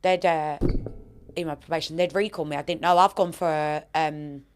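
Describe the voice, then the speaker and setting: Low-voiced woman hosting a podcast. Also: fairly even intonation, normal speed, a little hiss or hum. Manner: chatty, swears freely, calls people darling. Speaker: podcast host. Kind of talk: casual interview chat.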